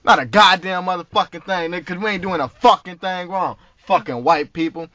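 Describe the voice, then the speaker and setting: A man's voice: high voice, brisk, pushed and bright, no echo. Heated, profane man ranting in a car. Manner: heated, profane, streetwise slang. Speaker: vlogger. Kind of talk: angry ranting story. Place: inside a parked car. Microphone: phone. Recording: dull, dry phone audio.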